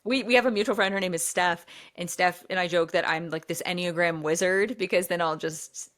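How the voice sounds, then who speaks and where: Animated talkative woman podcast host. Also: lowish voice, fairly quick. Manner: animated, talkative, says "y'all". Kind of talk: casual chat.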